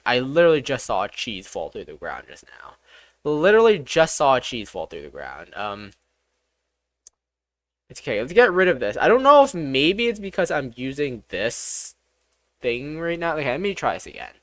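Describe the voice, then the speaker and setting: A game developer streaming live, talking through each step aloud, excitable and swearing often. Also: mid-range voice, dry recording, studio quality. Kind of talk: live-streamed coding commentary.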